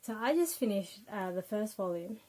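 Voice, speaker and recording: A woman's voice: mid-range voice, expressive, normal speed, mellow, rough recording. Chatty Australian woman reviewing a book. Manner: chatty, many fillers. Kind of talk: casual spoken review.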